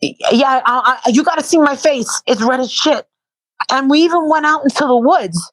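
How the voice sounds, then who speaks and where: A woman with a high, fairly bright voice speaks at normal speed as a guest in a casual interview, sore and worn out from protesting. She talks bluntly and profanely, repeating herself in bursts. The recording is dry and rough.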